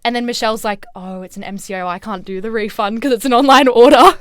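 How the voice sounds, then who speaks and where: A woman's voice: on the high side, fast talker, clear, resonant tone, dry recording, studio quality. A young woman, co-hosting a casual chat podcast, telling a work story with lots of acted-out quotes and swearing. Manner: animated storyteller, acts out quotes, swears freely. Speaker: podcast co-host.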